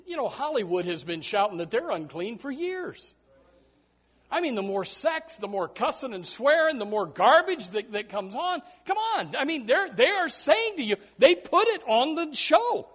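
A man preaching with a very high voice, punching his words and circling back with repeated restarts. The recording sounds dull and lo-fi. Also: big pitch swings, moderate pace, a bit bright. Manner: emphatic, repetitive preaching with frequent restarts. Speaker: pastor. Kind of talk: sermon.

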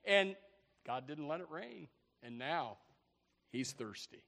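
A man preaching a sermon in an animated, stammering way, repeating words and acting out Bible characters. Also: a little high, unhurried, vocal fry. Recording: echoey hall.

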